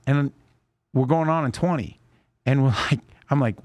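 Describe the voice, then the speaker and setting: Male podcast host, middle-aged, lively slangy storyteller, dry close sound. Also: medium pitch, normal speed, no room sound. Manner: animated storyteller, slangy, acts out quotes. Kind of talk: casual chat.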